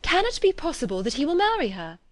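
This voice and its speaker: A woman voicing an eager young woman who presses for news in a breathless, high rush. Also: huge pitch swings, normal speed, gravelly, a bit bright, breathy edge, dry recording, exaggerated voice. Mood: astonished.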